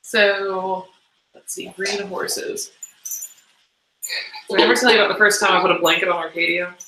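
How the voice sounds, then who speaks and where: A woman's voice: mid-range voice, steady tone, moderate pace, pushed and bright, reverberant, slight background noise, rough recording. A woman co-hosting a casual livestream chat, talking in an easy, unsure way. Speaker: co-host.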